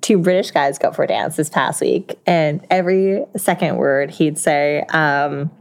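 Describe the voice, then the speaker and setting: A woman's voice: deep voice, measured pace, vocal fry. A young woman co-hosting a podcast in casual chat, giggling often as she talks. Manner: giggly, laughs often mid-sentence. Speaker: podcast co-host.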